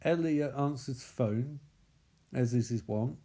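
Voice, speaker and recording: A man giving sweary, excitable running commentary on a movie. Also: medium pitch, unhurried.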